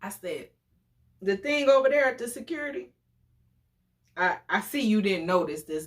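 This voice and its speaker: A woman in her forties telling a story casually, animated and exclamatory, often breaking into laughter. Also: mid-range voice. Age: 40s. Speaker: storytime vlogger.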